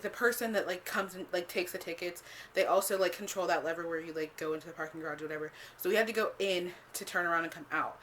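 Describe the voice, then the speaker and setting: A woman vlogger telling a casual storytime, swearing freely, filling every pause with "like" and acting out what she said back then. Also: lowish voice, slight background noise. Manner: animated, swears freely, acts out her own past lines; heavy use of "like" as filler.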